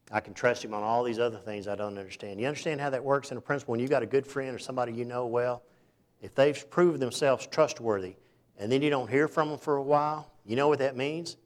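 Folksy preacher, soft and loud. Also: male voice, mid-range voice. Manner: folksy, conversational preaching with sudden loud bursts and hushed asides. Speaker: pastor. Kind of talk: sermon.

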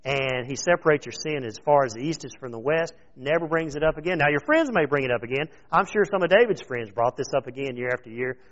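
A man preaching in a loose, conversational way, animated and prodding his listeners with questions. His voice sits in a middling range, and the recording is dull and lo-fi. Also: mid-range voice, quick pace, hardly any pauses. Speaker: pastor. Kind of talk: sermon.

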